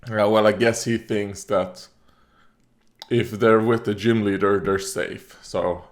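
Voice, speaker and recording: Rambling, lowish-voiced man reacting. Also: fairly even intonation, slow pace. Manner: rambling, talks back at the screen; frequent fillers and coughs. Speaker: reaction video host. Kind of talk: casual commentary while watching.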